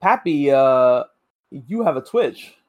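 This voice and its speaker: A man co-hosting a podcast in relaxed casual chat, asking questions and giving brief replies. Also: medium pitch, slow, dull audio. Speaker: podcast co-host.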